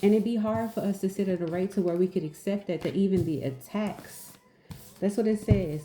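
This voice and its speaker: A spiritual teacher shares a casual message, emphatically repeating her points, asking "right?", and calling herself goofy. Her mid-range voice is brisk and mellow, heard with reverb and soft background music.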